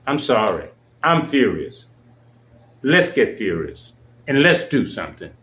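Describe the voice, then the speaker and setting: A man's voice: fairly low pitch, big pitch swings, unhurried, fairly bright tone. A man hosting his own show, delivering an indignant, emphatic monologue. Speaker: show host. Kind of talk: angry monologue. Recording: echoey room.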